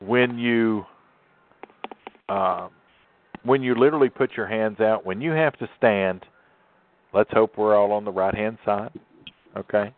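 Emphatic preacher on a tinny phone line. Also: male voice, lowish voice, a little slow, pauses often. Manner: emphatic, sermon-like, drawls key words. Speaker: host and pastor. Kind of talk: preachy radio talk.

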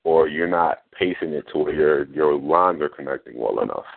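A man's voice: rumbling low, normal speed, vocal fry. A man hosting a radio show, chatting casually about poetry and often asking "you know what I'm saying". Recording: phone-like radio audio.

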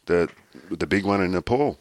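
A man's voice: low voice, animated, normal speed. An Australian man co-hosting a podcast, telling stories in an easygoing, rambling casual chat. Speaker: podcast co-host.

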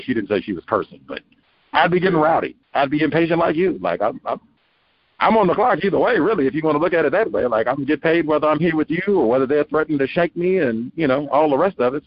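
A radio talk show host with a fairly high, expressive voice speaks at a quick pace, musing rambling-style and slipping into quoted voices with little laughs. It's conversational call-in commentary heard through a muffled broadcast with faint noise.

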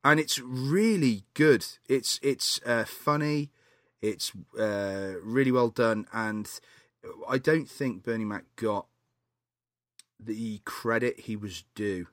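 A man co-hosting a podcast, chatting casually about films, laughing often and animated. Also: mid-range voice, takes it slowly, dry recording, clean studio sound. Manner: animated, laughs often, acts out film scenes. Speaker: podcast co-host. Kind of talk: casual film chat.

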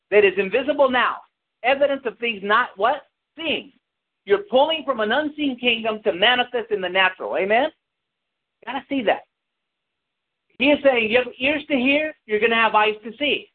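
A man preaching a sermon, calling out to the congregation for responses and telling a story from his childhood. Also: high-pitched. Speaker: pastor. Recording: tinny lo-fi with hiss.

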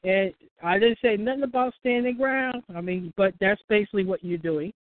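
A woman's voice: mid-range voice, brisk. A woman hosting a call-in show, giving casual advice, often restarting and acting out little dialogues. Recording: tinny phone line.

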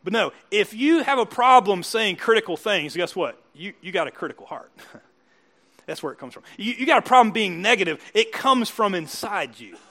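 A man preaching a sermon in a conversational, animated way, often laughing and acting out quotes. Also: sits high, moderate pace. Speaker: pastor.

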